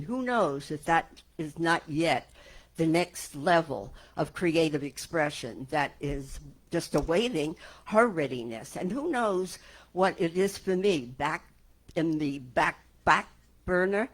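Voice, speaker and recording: A woman minister speaking to her congregation in a calm, earnest and reflective way. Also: low-pitched, a little slow. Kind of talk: reflective sermon talk. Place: church sanctuary before a congregation.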